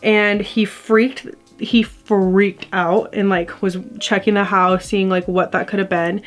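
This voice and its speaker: Faint music plays behind a young adult woman as she slowly recounts a ghost story to her camera, her mid-range voice staying level. The vlogger wanders chattily, saying "like" constantly among plenty of fillers, recorded on a camera mic.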